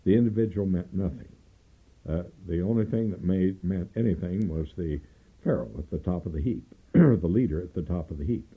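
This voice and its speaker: An older man, a trial lawyer, telling long stories in an interview and often clearing his throat. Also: sits low, a little fast. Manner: rambling storyteller, frequent throat clearing. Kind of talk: oral history interview, storytelling. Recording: dull lo-fi tape, faint music.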